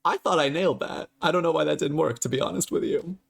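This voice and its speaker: A man doing a high folksy drawl. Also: fast talker, creaky. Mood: puzzled.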